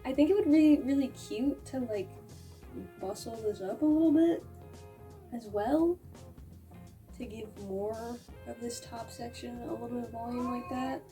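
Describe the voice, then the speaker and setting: A woman's voice: a little high, unhurried, mellow, faint music behind. A woman chatting casually in a vlog, rambling and self-deprecating, often a bit out of breath. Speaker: vlogger. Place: at home crafting, later outdoors on a walk.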